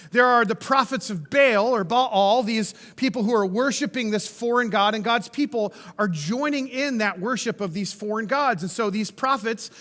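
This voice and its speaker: A pastor with a high, bright, ringing voice preaches a sermon in a church sanctuary, conversational and enthusiastic, dropping casual asides as he tells the story. Each phrase trails off into the hall's long reverb.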